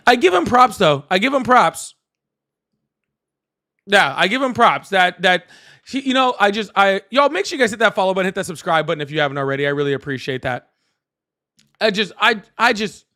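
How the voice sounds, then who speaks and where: A man hosting a live political call-in stream, excitable and chatty, laughing often and thanking viewers at length. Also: on the high side. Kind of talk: casual live-stream chat.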